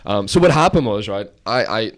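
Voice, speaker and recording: A young man with a Belfast accent, a podcast guest telling an animated story with lots of swearing and fillers. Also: a little fast. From Northern Ireland. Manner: animated storyteller, acts out quotes in a shrill voice; swears freely, many fillers. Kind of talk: casual chat.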